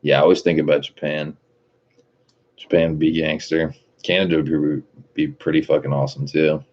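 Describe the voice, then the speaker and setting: A man's voice: a bass voice, flat delivery, a little fast, a little mellow, muffled recording. A man in his thirties streaming, chatting casually in a profane, laid-back way and laughing often. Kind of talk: casual chat.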